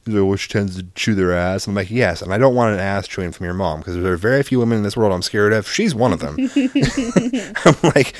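Brief: a lowish-voiced man, animated storyteller who voices everyone in the tale, close dry mic. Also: no room sound. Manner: animated, acts out both sides of dialogue, swears freely. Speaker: parent telling a story. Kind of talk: casual storytelling chat.

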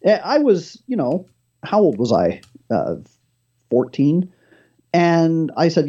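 A man's voice: a little high, very animated, takes it slowly, warm tone, muffled recording. A man appearing as a talk show guest, telling a story with animation and acting out the dialogue himself.

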